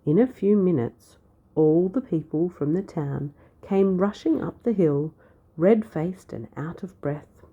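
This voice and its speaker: A woman reading a children's storybook aloud, with a lively, expressive delivery. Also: on the low side, measured pace, breathy edge, phone-quality sound. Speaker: storybook narrator.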